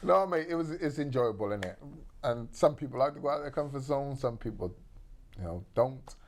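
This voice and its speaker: A man's voice: mid-range voice, lively intonation, brisk. A Welsh man talking football as a pundit in a casual, blokey debate. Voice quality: chatty, blokey.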